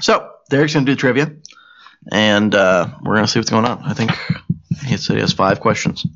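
A man's voice: on the low side, brisk, creaky, fairly bright tone, muffled recording. A man hosting a podcast in casual, joking chat with friends around a table. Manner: joking, laid-back. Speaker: podcast host.

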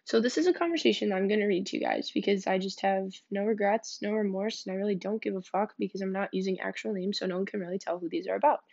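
A young adult woman hosts a casual storytelling podcast, recounting dating stories bluntly and candidly while swearing freely. She talks fast with few pauses in a creaky, darkish mid-range voice. The lo-fi recording sounds dull.

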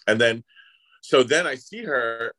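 A man's voice: mid-range voice, measured pace, poor audio. A man, an actor guest, telling anecdotes in casual chat and acting out the people he quotes. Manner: animated, voices others in quotes. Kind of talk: casual storytelling.

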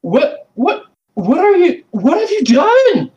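A man voicing a distraught young boy with hooves, pleading in a shrill, choked voice. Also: huge pitch swings, slow pace, a little mellow, lo-fi sound, exaggerated voice. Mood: shocked.

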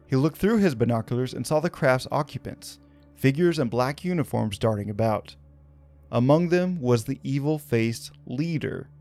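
A man's voice: medium pitch, animated, normal speed, darkish tone. A man hosting a podcast, telling a story in a casual, conversational way with fillers. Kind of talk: conversational narration of a paranormal story.

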